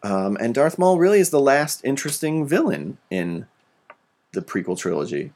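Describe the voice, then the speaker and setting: Animated, ranting podcast host man. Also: medium pitch, normal speed. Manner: animated, swears freely, ranting. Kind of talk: casual chat.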